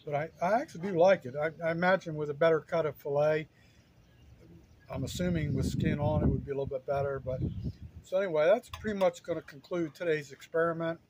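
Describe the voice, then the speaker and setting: A man in his fifties tasting his own cooking on a casual vlog, talking in a halting, stuttering, self-deprecating way, sometimes while chewing. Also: a little high, fairly even intonation, darkish tone, a little hiss or hum. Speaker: cooking vlogger.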